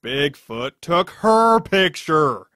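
A narrator reading joke after joke in an over-the-top animated comedy delivery. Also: mid-range voice, extremely slow, a little hiss or hum.

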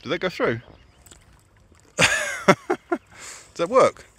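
A man's voice: fairly high pitch, very animated, very slow, pushed and bright, slight background noise. A man narrating a campervan travel vlog in a casual, wry, understated way. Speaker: vlogger. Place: campervan trip outdoors.

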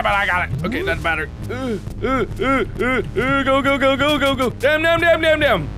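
A man giving excitable, panicky horror game commentary, often yelling and mocking himself as he talks to himself. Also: extremely high pitch, moderate pace, few pauses, music in the background. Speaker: let's-play host.

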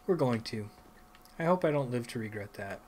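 A mid-range male voice with lively intonation and normal speed narrates his own video game playthrough in casual let's play style. The host mutters to himself with rambling asides, then curses loudly at enemies, over slight background noise.

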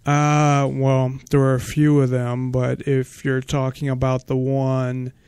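A man hosting a talk radio show, chatting casually and arguing his point deliberately, step by step. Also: mid-range voice, completely flat delivery, a little mellow, clean tone, dry recording. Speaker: host.

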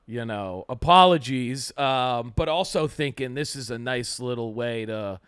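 A man's voice: medium pitch, measured pace, fairly bright tone, smooth, dry recording, studio quality. A man co-hosting a comedy podcast, telling a rambling story full of fillers and acting out the lines he quotes.

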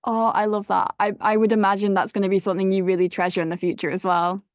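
A woman's voice: medium pitch, level tone, quick pace, no echo, studio quality. A woman hosting a podcast interview. She is effusive and encouraging toward her guest. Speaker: podcast host. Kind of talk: casual interview.

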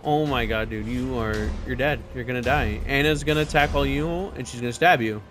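A man hosting a casual let's-play, excitable and often yelling and repeating himself. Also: mid-range voice, normal speed, music in the background. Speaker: gaming channel host.

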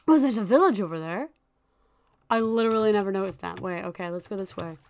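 An excitable young woman talking her way through a video game session at her desk mic. She chatters along with frequent squeals and laughs, and there is keyboard typing behind her. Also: medium pitch, quick pace, gravelly. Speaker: gaming YouTuber. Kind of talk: casual gameplay commentary.

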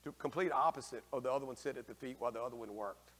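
A male priest giving a lively, folksy homily, taking questions from the congregation and acting out the figures in raised voices. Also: mid-range voice, rapid-fire, in a large hall. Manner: folksy, slangy asides. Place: church.

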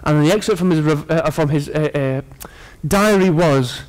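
A man preaching a sermon to his congregation, earnest and warm in tone, with playful asides to the people in front of him. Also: fairly high pitch, moderate pace.

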